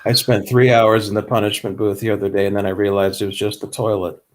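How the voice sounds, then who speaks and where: Man, lowish voice, co-host in a loose stream chat, dad-joke punner. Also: little pitch movement, quick pace. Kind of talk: casual livestream chat.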